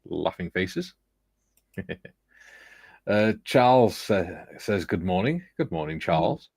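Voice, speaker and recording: A man's voice: low voice, animated, slow, darkish tone, breathy edge, no echo. A man hosting a casual livestream, reading viewer comments aloud with a chuckle. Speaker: livestream host reading chat. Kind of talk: casual chat.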